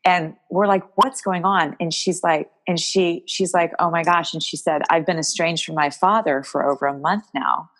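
A woman's voice: on the low side, fairly even intonation, normal speed, hardly any pauses. A woman guest in an interview, telling a personal story in a rambling, emotional way with many restarts. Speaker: guest, game creator.

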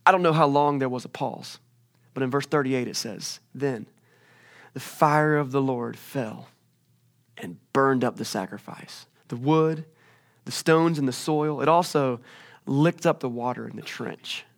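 A young adult man preaching a sermon as a story, swinging from loud, excited bursts to hushed scripture reading. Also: medium pitch, unhurried.

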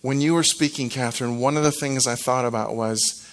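Animated middle-aged male preacher. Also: mid-range voice, brisk. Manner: animated, acts out quoted reactions, frequent restarts. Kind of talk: sermon.

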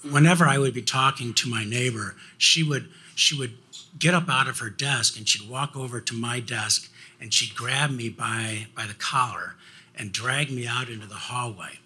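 An older man telling a personal story in a halting way, often repeating words. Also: mid-range voice, pushed and bright, husky. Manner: halting, repeats words, acts out quoted voices. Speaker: guest speaker.

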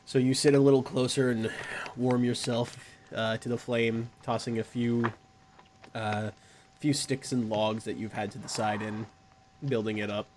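A man narrating a tabletop game as game master, slow and descriptive, with pauses and fillers. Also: mid-range voice, flat delivery, a little mellow, slight background noise.

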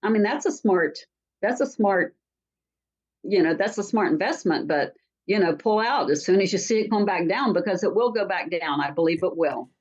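A woman from Alaska, a talk-show guest, telling a story in lively, chatty fashion with frequent ums and restarts. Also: medium pitch, normal speed, breathy edge. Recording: dull lo-fi sound.

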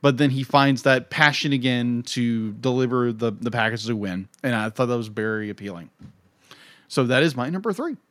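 A man's voice: medium pitch, moderate pace, dry recording. A man co-hosting a podcast, chatting casually and animatedly about a film. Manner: animated, breaks into silly voices. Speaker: podcast co-host. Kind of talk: casual film review chat.

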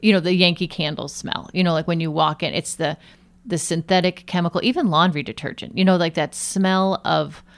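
A woman's voice: on the low side, fairly even intonation, fairly quick. A woman guest, a nurse and aromatherapist, talking casually and animatedly in an interview with many fillers.

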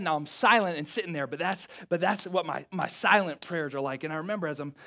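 A young male pastor tells a story from the pulpit in a high, bright, forward voice. He acts out family dialogue with big swings. He drops to hushed intensity for reflective moments. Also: a little fast, few pauses. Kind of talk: sermon storytelling.

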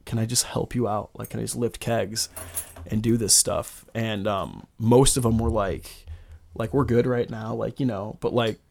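A man's voice: fairly low pitch, fairly even intonation, normal speed, vocal fry, darkish tone. A young man in his twenties, a guest brewer on a podcast, telling a long story in loose casual chat full of filler words.

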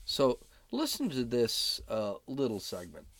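A man's voice: mid-range voice, wildly swooping pitch, a little slow, crowd noise. A man giving political opinion commentary on clips he plays, indignant and sarcastic. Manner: indignant and sarcastic, mocking voices.

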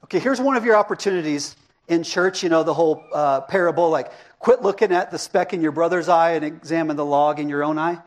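A middle-aged man with a notably high voice gives a sermon. He preaches in a relaxed, conversational way, often stopping to ask the congregation questions and pick up their answers. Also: brisk. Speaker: pastor. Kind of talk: interactive sermon.

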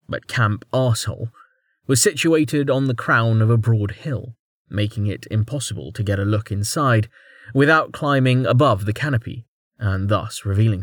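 A man narrating an audiobook chapter in a measured, even storytelling manner. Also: mid-range voice, no echo, clean studio sound. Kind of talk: scripted narration.

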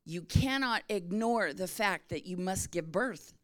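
A woman's voice: medium pitch, lively intonation, a little slow. A middle-aged woman pastor giving a sermon in a conversational, storytelling way, often checking in with her congregation.

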